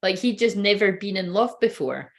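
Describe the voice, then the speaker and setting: A woman's voice: medium pitch, animated, normal speed. A woman who works as a spiritual reader, chatting casually on a livestream, rambling, giggling and swearing freely.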